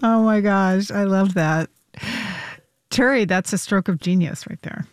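A woman hosting a radio interview. She reacts often with short, warm interjections. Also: medium pitch, unhurried, clean tone, dry recording, clean studio sound. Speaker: radio host.

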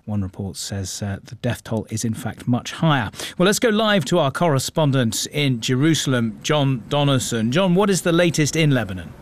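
A man presenting a radio news programme from a studio in a measured, clear manner. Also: mid-range voice, very animated, a little hiss or hum. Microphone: studio microphone.

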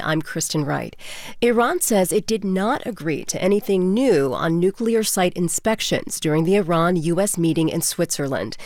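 A woman newscaster reading national headlines in a crisp, formal broadcast style. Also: on the low side, darkish tone, no echo, studio quality. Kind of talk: scripted news reading.

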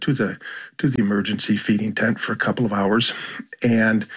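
Husky-voiced American man, measured. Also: lowish voice, fairly bright tone. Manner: measured, thoughtful, with frequent fillers and restarts. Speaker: journalist and author. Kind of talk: interview answers, reflective storytelling.

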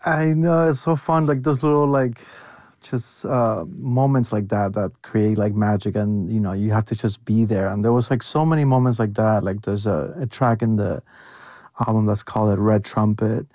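A man's voice: on the low side, moderate pace, a little mellow, no echo. A young male music producer speaking as a guest on a radio interview, enthusiastic and full of "like" fillers.

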